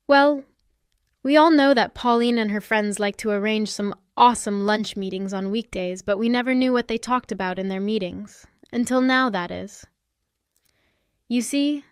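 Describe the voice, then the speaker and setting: A woman's voice: mid-range voice, normal speed, clear, resonant tone, no echo, clean studio sound. Woman narrating a sassy first-person story.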